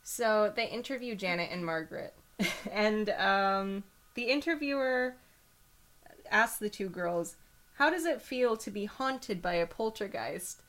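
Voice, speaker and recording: A woman's voice: medium pitch, lively intonation, measured pace, a bit bright. A young woman co-hosting a podcast, telling a story in casual chat with a sarcastic, laughing manner. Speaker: podcast co-host.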